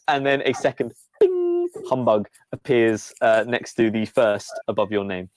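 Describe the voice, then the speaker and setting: A male game master narrates a tabletop game in a rambling, playful way, filling gaps with ums and uhs. His voice sits at a middle pitch and sounds dry and close, with no room echo. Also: sing-song, moderate pace, a little mellow. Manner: rambling, playful, many fillers.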